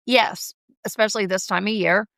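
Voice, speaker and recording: A woman co-hosting a casual podcast chat, her voice carrying a gravelly edge. She talks emphatically and breaks into laughter often, and the sound is close and dry with no room around it. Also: mid-range voice, steady tone, moderate pace, a bit bright, no echo. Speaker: podcast co-host.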